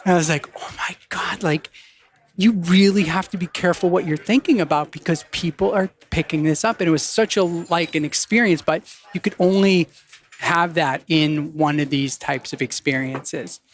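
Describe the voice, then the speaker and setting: Male guest, higher-pitched voice, animated storyteller who plays out the people he quotes. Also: normal speed. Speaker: podcast guest. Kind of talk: casual storytelling in conversation.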